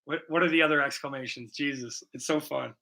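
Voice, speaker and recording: Bright-voiced man chatting while painting. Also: fairly high pitch, steady tone, brisk, creaky. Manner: loose, profane, chatty with viewers. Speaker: livestreaming painter. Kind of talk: casual live-stream chat while painting.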